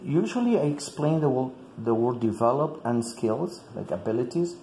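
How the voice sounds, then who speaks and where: A man's voice: mid-range voice, animated, moderate pace, mellow. Man explaining teaching steps. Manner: explains step by step with frequent "like" and repeats. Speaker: English teacher. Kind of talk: teacher training talk. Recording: echoey room with faint ambient noise.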